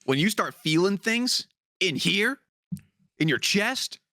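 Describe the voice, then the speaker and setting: A man's voice: high voice, very animated, takes it slowly, bright, forceful tone, dry recording, clean studio sound. A young man co-hosting a podcast in casual chat, laid-back, playful and profane. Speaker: podcast co-host.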